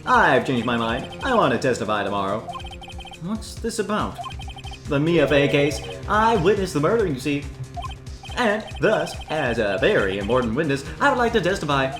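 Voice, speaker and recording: A man's voice: fairly high pitch, big pitch swings. A haughty, scheming rich villain, as a man puts him on for a game playthrough, speaking in a grand, lilting voice that swoops up and down. The voice has a roomy echo, with game music playing behind it. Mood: smug. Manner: haughty, theatrical, drawn-out. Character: pompous scheming rich male villain, middle-aged. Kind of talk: fan voicing of a game playthrough.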